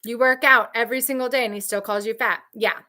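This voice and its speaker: She talks fast in a steady, pushed and bright voice. Coaching trauma survivors, she's candid and emphatic, repeating key phrases and answering viewer questions. Occasionally she imitates others with high, shrill outbursts.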